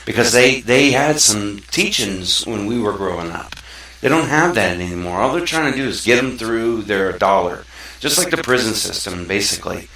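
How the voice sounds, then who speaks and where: A lower-pitched man with a bright, forward edge, talking earnestly and loosely like a show host. He sits some way back from the mic in a very echoey room. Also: animated, normal speed, distant mic. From South Mississippi, USA. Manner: earnest, rambling, conversational. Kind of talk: casual talk-show monologue.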